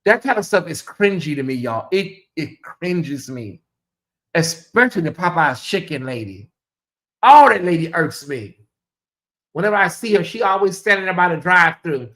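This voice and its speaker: Sassy high-voiced man. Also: normal speed. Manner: sassy and animated, mimics voices. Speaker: host. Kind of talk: casual livestream commentary.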